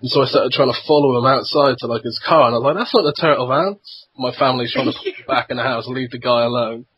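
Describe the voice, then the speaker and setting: A man's voice: medium pitch, flat delivery, quick pace, a little hiss or hum. A young adult man hosting a podcast, rambling through profane stories in casual chat. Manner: rambling and profane, tells anecdotes. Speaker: podcast host. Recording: dull lo-fi podcast recording.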